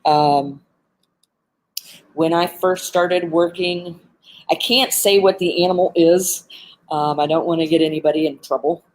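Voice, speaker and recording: Earnest woman trainer with a low voice. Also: fairly even intonation, a little slow, pauses often, a little mellow, poor audio. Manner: earnest and heartfelt, with frequent "um" fillers. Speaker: animal behavior trainer. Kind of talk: live-streamed talk with advice. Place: animal center, sitting among birds.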